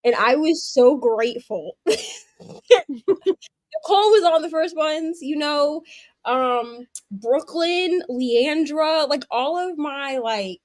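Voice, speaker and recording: Woman, high voice, dry sound, chatty host, quick asides. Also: expressive, no echo. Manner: chatty storyteller, quick asides, laughs often. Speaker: host of a long reading and craft sprint stream. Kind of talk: casual chat.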